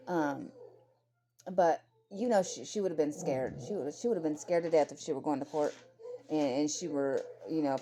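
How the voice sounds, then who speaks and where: A woman's voice: low-pitched, warm tone. A woman ranting in heated, profane commentary, often repeating herself, talking about her own kids along the way. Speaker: commentary creator.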